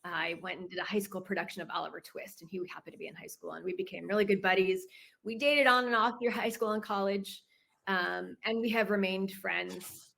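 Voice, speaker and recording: A woman from Chicago, a guest on a video-call interview, telling a personal story and pausing to gather her thoughts. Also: mid-range voice, steady tone, creaky, fairly bright tone. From Chicago, United States.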